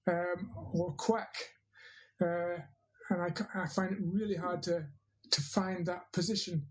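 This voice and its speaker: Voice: medium pitch, low-quality recording. Thoughtful teacher. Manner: thoughtful, hesitant with fillers and restarts. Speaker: interviewed English teacher and trainer. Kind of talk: reflective interview answer.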